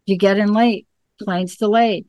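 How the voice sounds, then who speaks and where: A woman hosting a casual chat, lively and exclaiming, correcting herself with a laugh. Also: mid-range voice, measured pace, no echo.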